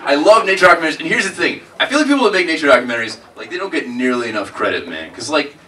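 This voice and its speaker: Recorded live in a comedy club, with crowd noise and the mic heard from a distance, a man performs a rambling, self-deprecating stand-up set full of "like" and "man." His fairly high voice is bright and forceful, and he speaks very fast and with great animation.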